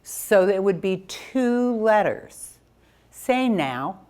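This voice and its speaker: A woman's voice: mid-range voice, clean tone. A woman teaching reading and spelling, coaching a student patiently. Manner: slow, calm, coaching. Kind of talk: patient phonics instruction.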